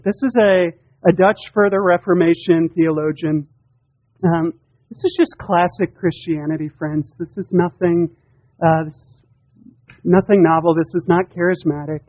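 A man's voice: high voice, a little mellow, no room sound. Earnest preacher guy, emphatic, repeats himself, kinda muffled dry recording. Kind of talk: sermon. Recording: dull, dry lo-fi sound.

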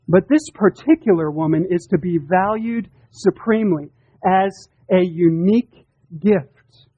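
A man's voice: high voice, no room sound. A man preaching a sermon, earnest and emphatic, often repeating his words as he presses a point. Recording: dull, dry lo-fi sound.

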